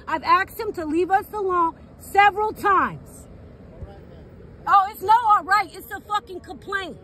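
A woman's voice: very high voice, measured pace, sharp tone, a little hiss or hum. A woman recording a police encounter on her phone outdoors at night, angry, repetitive and swearing. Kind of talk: angry confrontation filmed on a phone. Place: outdoors in a parked car at night.

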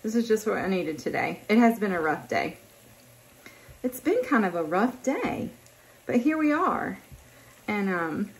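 A woman's voice: medium pitch, animated, unhurried, pauses often, slightly rough, poor audio. A woman chatting casually in her farm vlog, laughing often and talking straight to her handheld phone. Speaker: farm wife vlogger.

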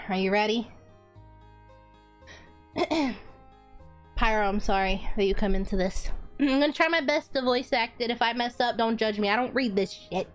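Woman streamer, higher voice, swears a lot and teases chat, faint game music behind. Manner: blunt, profane, teasing banter with chat. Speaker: live streamer. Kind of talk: casual live-stream chat.

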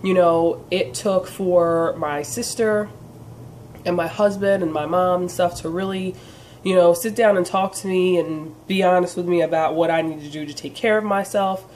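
Talking casually to camera, a woman offers earnest encouragement while sounding stuffed-up and nasal from sinus trouble, leaning on fillers like "um" and "you know." Her lowish, slightly mellow voice keeps a fairly even intonation at a moderate pace. Some faint background noise is present.

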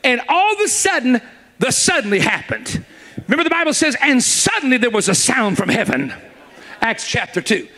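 High-pitched, animated male preacher. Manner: animated, joking storyteller with quick asides; speaks directly to the audience. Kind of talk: sermon to a congregation. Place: church sanctuary with congregation.

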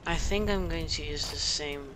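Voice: mid-range voice, normal speed, noisy background. A gamer from Argentina, whose native language is Spanish, speaks English with an Argentinian Spanish accent over a headset. The gamer mutters reactions, curses at enemies and keeps saying a sarcastic "great". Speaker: let's play gamer. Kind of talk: casual gameplay commentary. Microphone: headset microphone.

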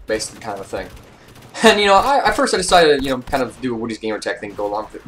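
A young man talks fast and loosely as a gaming YouTuber, stumbling through restarts and fillers. His pitch sits mid-range. There is a faint hiss behind his voice. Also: very animated, a bit bright. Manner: rambling, many fillers and restarts. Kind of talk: casual commentary over gameplay.

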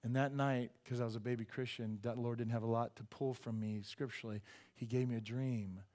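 A male pastor delivering a sermon, with a middle-pitched voice. He tells personal stories with lively energy and swells into fervent, urgent prayer. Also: fairly quick. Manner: animated storytelling, rising to fervent prayer.

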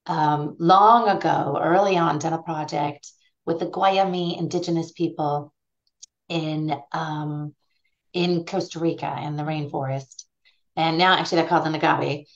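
A woman's voice: sits low, fairly even intonation, a little slow. A woman guest in a podcast interview who tells anecdotes animatedly and acts out the voices in them. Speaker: guest ethnobotanist. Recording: dull lo-fi sound.

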